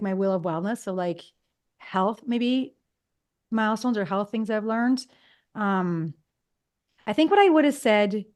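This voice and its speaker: A woman in her fifties, a psychologist guest, telling personal stories in a chatty way and acting out past conversations. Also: medium pitch. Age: 50s. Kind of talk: casual storytelling interview.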